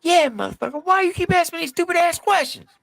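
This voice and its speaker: A man voicing a hot-tempered young male soldier who shouts and curses. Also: extremely high pitch, animated, fast, creaky, no echo, studio quality, pitched above the performer's own voice, heavily acted. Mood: furious. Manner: loud, profane, shouting defiance.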